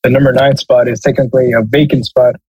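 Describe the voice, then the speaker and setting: A man co-hosting a sports podcast while sick, his voice nasal, talking haltingly and clearing his throat. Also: medium pitch, level tone, mellow, dry recording, low-quality recording. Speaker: podcast co-host. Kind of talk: casual sports chat.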